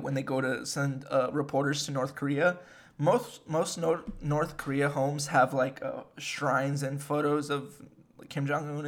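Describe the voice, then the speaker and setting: A young man hosting a podcast, rambling in casual, slangy chat full of swearing. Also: fairly high pitch. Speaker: podcast host.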